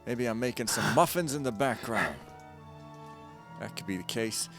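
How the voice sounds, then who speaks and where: A man talks through a stealth game on a close mic, cracking jokes and rambling between loud bursts and low mutters. His voice sits at an ordinary mid pitch, with faint game music underneath. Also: lively intonation, normal speed. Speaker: gaming streamer. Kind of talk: casual let's-play commentary. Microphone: close desk mic.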